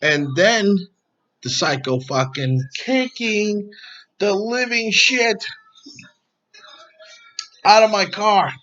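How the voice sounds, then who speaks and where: A man's voice: a little high, pushed and bright, lo-fi sound. A man hosting his own podcast vlog at home, telling a story in a rambling way with heavy profanity. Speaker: podcast host.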